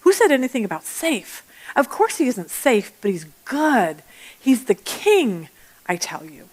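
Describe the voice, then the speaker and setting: A woman's voice: a little high, big pitch swings, darkish tone, poor audio. Mister Beaver, a woman reading a firm talking beaver. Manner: slow, emphatic storybook reading. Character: stout male talking beaver, earnest and firm. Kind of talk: reading a storybook aloud.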